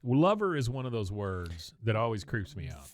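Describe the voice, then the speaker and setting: A man's voice: fairly low pitch, very animated. A man co-hosting a podcast, casually recapping an episode scene by scene and slipping into short impressions of the characters. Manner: retells scenes with quick impressions of characters, laughs often. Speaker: podcast co-host.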